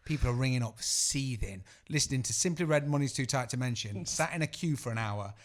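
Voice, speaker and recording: A young adult man co-hosting a podcast, telling lively, profanity-laden anecdotes. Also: mid-range voice, fairly quick. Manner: swearing, animated anecdote-teller. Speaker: podcast co-host. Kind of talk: casual podcast chat.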